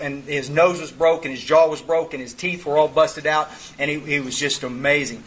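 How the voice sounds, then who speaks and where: A man's voice: a little high, fairly bright tone, rough recording. A man speaking at a twelve-step meeting, telling a story in an earthy, rambling way with many restarts. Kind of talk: folksy storytelling talk.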